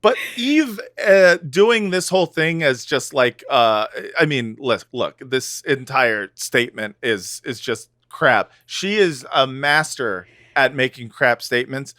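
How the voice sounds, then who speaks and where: A man's voice: mid-range voice, lively intonation, slow pace, hardly any pauses, bright, forceful tone, dry recording, studio quality. A man co-hosting a podcast, joking around in casual chat and laughing often. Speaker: podcast co-host.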